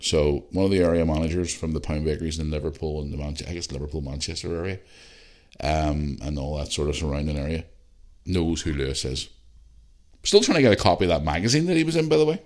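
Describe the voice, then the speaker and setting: A Northern Irish man with a very low, deep voice tells a rambling story for his podcast at home. He swears freely and pads his talk with fillers and restarts. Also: fast. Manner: swears freely, animated anecdotes with lots of fillers. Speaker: podcast host. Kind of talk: casual solo podcast storytelling. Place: living room at home.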